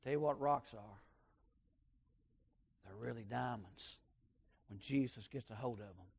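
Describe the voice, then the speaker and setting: A man preaching a sermon, telling a folksy story and swinging between hushed and loud emphasis. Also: mid-range voice, measured pace, vocal fry, husky.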